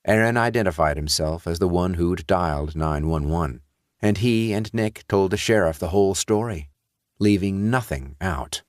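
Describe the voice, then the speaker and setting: A man reading a horror story aloud in a measured storytelling delivery. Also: low-pitched, no room sound, clean studio sound. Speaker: audiobook narrator. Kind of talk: scripted narration.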